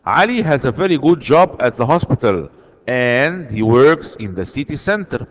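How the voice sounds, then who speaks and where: A man's voice: medium pitch, sing-song, normal speed. Patient male English teacher, echoey sound. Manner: patient, repeats key words and answers. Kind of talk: online English lesson.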